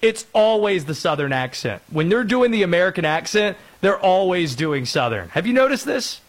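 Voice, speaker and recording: A man hosting a sports talk radio show, joking and lively. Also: high voice, moderate pace. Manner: lively, animated, jokey, breaks into put-on voices.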